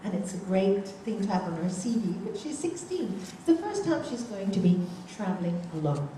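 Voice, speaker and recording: A woman's voice: medium pitch, sing-song, normal speed, warm tone. Older woman teaching in an echoey room. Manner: storytelling, asks listeners rhetorical questions. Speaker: yoga and meditation teacher. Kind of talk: spiritual teaching talk with anecdotes. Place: large room, talk to a group. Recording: very echoey room, voice from far off, faint background noise.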